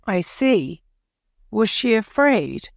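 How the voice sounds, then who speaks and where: A woman's voice: medium pitch, very animated, slow pace, creaky, no echo, studio quality, pitched above the performer's own voice, heavily acted. A woman voicing a male defence lawyer who questions a witness firmly. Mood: probing. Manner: firm, probing questions.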